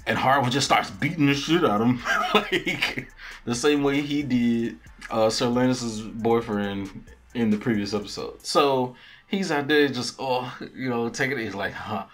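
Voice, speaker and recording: A man's voice: medium pitch, a little slow. A podcast host recapping an episode in a loose, slangy way, with profanity. He's a man with a mid-range voice who acts out the characters' lines as he goes. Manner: animated storytelling with quoted character lines and laughs.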